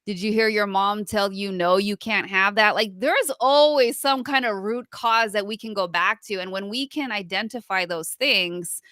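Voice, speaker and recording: Bright-voiced woman co-host, dry sound. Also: medium pitch, normal speed, few pauses, dry recording. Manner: reflective, quotes inner thoughts animatedly. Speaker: podcast co-host. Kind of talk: casual conversational discussion.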